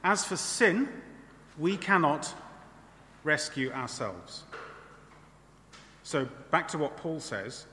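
A man's voice: fairly high pitch, very animated, slow, long pauses, sharp tone, long reverb tail, slight background noise. A man preaching a sermon in a church in a conversational way, often adding tag questions.

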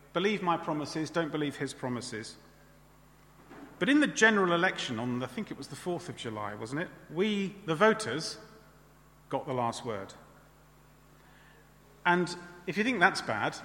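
Male preacher, conversational, pitched a bit high, reverberant church hall. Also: a bit bright. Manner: conversational, with frequent tag questions. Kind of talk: sermon.

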